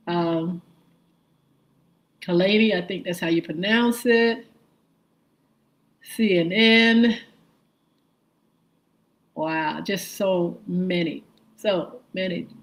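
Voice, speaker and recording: A woman's voice: on the low side, poor audio. A woman hosting a live morning show, greeting viewers by name and spelling out their usernames in a friendly way. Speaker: radio and livestream show host. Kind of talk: live-stream viewer shout-outs.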